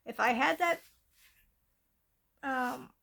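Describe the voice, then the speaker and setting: This coloring-channel host has a high, gravelly voice with a little brightness and talks very slowly. Recorded by a phone from above her craft table, she gives a rambling, casual show-and-tell of her coloring plans, full of fillers and restarts.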